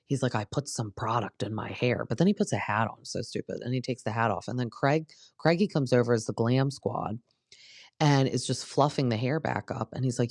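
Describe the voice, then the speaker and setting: A woman's voice: a bass voice, fairly quick, darkish tone, no room sound. Chatty sarcastic woman, dry close sound. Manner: chatty, sarcastic, heavy use of "like". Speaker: podcast host recapping reality TV. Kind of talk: casual chat. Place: home.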